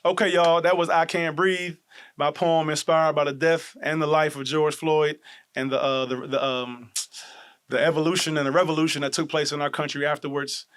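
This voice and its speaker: A man closing out his show in a relaxed, low-key way, with plenty of fillers. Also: normal speed, smooth. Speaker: show host. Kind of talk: casual sign-off to viewers.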